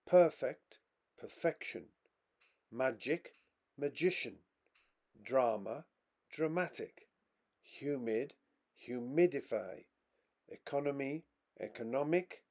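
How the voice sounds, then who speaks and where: A male narrator delivers a scripted pronunciation lesson at an unhurried, measured pace. His pitch sits in a middle range, and he sets each example word apart with deliberate, clear stress. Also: darkish tone. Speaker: English pronunciation teacher.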